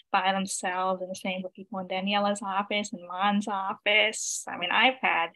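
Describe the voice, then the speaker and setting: Young woman on student council, plain and direct, steady monotone. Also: mid-range voice, dry recording, low-quality recording. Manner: plain-spoken, building on others' points. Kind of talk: meeting remarks.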